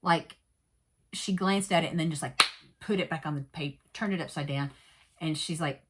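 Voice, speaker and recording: A woman's voice: low-pitched, normal speed, pushed and bright, slightly rough. A woman casually recapping a true crime episode in a rambling way, with many fillers and asides and candid personal comments.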